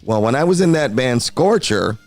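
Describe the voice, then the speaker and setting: Animated middle-aged man telling stories. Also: mid-range voice, normal speed, soft background music. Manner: animated, acts out other people's voices. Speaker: guest, heavy metal singer. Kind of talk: casual podcast storytelling.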